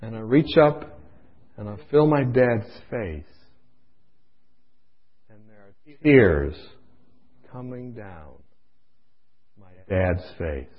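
A man preaching a sermon, impassioned, swinging from hushed storytelling to loud pleading, in a dull lo-fi recording. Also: lowish voice, animated, slow, long pauses.

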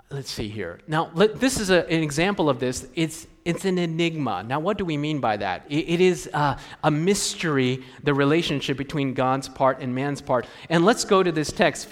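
A man's voice: fairly high pitch, lively intonation, normal speed, long reverb tail. A man preaching a sermon in a church, asking the congregation rhetorical questions in a conversational way. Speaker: pastor.

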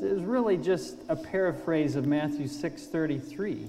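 A man in his fifties giving an earnest testimony talk at a conference, halting with restarts. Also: on the high side, lively intonation, dark tone, a little hiss or hum. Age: 50s. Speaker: speaker at a conference. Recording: long hall reverb.

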